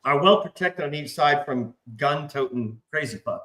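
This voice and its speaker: Bright-voiced man swearing through rambling stories. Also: on the high side, normal speed. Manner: profane, rambling storyteller; animated, acts out quoted voices. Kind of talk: casual chat. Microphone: remote stream call mic. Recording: roomy echo.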